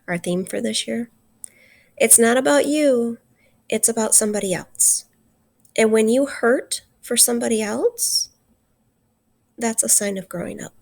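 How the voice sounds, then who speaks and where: A woman teacher giving a recorded literature lesson, earnest and slowing down to stress key points. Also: a little high, creaky, a little mellow. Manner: earnest, slows down for emphasis.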